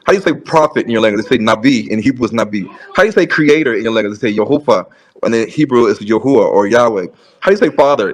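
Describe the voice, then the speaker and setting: A man's voice: mid-range voice, rough recording. Man arguing in a rambling debate. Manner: repeats words, many restarts, rapid lists of words. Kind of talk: debate argument.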